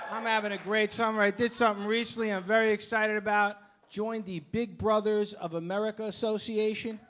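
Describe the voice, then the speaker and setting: A man performing stand-up at a comedy club, delivering dry, sarcastic one-liners. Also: high-pitched. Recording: live club recording with crowd noise.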